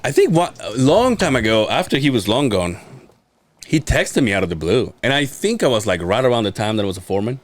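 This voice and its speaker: A man's voice: medium pitch, big pitch swings, brisk. A man hosting a podcast, telling rambling, profane work stories in casual chat and laughing often. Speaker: podcast host. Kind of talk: casual storytelling.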